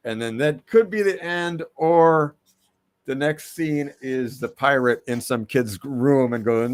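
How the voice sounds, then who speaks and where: A man, a guest cartoonist, chatting casually on a live stream and pitching a comic idea with wry teasing. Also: a little slow, clean tone.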